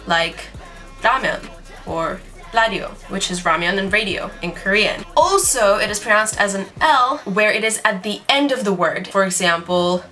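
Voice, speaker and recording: Bright-voiced young woman teaching casually. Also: mid-range voice, expressive, moderate pace. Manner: chatty, giggly, demonstrates sounds out loud. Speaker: language teacher. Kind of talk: casual video lesson. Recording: faint music underneath.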